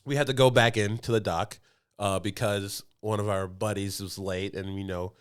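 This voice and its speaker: A man's voice: lowish voice, steady tone, moderate pace, smooth. Laughing man telling stories. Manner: rambling storytelling with frequent laughs. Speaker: podcast co-host. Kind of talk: casual chat. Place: podcast studio.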